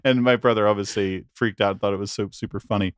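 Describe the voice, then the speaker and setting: A man's voice: lowish voice, fairly even intonation, quick pace, clear, resonant tone. A young man co-hosting a podcast, telling stories in a rambling, laughing, casual chat. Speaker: podcast co-host.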